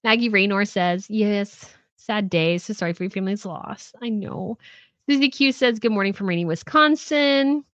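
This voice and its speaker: A woman's voice: mid-range voice, moderate pace, a bit bright, no echo, lo-fi sound. A woman in her thirties hosting a casual livestream, chatting in a rambling way and reading viewer comments aloud. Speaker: host reading live chat.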